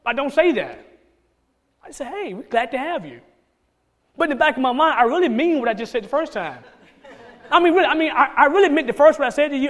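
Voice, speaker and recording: High-voiced man preaching in a reverberant hall. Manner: conversational preaching with frequent restarts and rising excitement. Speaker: pastor. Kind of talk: sermon. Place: church sanctuary.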